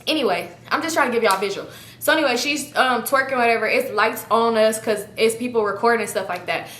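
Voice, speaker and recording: A young woman telling a long story in casual, animated, slangy speech full of swearing, her voice jumping high for emphasis. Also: quick pace. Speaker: storyteller vlogger. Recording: echoey room with faint rumble.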